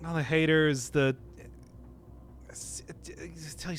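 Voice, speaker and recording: A man's voice: fairly high pitch, fairly even intonation, slow pace, pauses often, a bit bright, a little hiss or hum. A male streamer chatting casually and playfully with his audience, laughing often. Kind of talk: casual live-stream chat.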